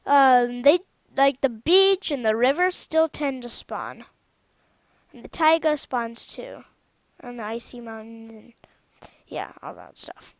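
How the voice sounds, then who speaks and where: Very animated, a woman with a high voice rambles slowly through commentary on gameplay of her own mod as host of her channel. She keeps halting mid-sentence to fix what she said, and the audio is close and dry with no echo.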